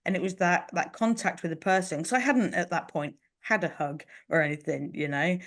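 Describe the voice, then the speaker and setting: Earnest, low-voiced woman. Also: brisk, a bit bright. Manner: earnest and reflective, many "you know" fillers. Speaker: podcast co-host. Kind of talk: casual podcast chat.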